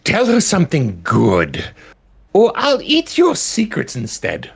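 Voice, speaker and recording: A man's voice: a little high, takes it slowly, gravelly, slightly rough, pitched above the performer's own voice, heavily acted. A man voicing a small, eager imp scribe who tattles gleefully and threatens to eat secrets. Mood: menacing. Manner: excited, gleeful, menacing.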